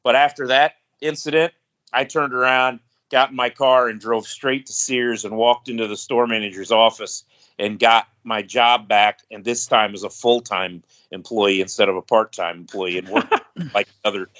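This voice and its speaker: A man's voice: medium pitch, fairly even intonation, normal speed, fairly bright tone. A man on a podcast, casually telling a rambling story and laughing as he goes. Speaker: podcast co-host. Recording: dull lo-fi podcast audio.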